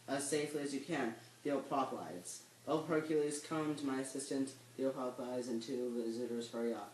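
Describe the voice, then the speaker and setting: Brief: male student reader, animated and a bit stumbly, distant from the mic in an echoey room. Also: medium pitch, brisk, few pauses, slight background noise. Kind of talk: reading a play script aloud, all parts.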